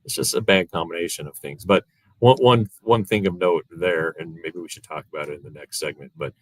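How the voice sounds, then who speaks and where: A man's voice: low voice, fairly quick, no echo. A middle-aged man chatting casually as a guest on a sports podcast, rambling with lots of fillers and restarts. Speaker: guest analyst.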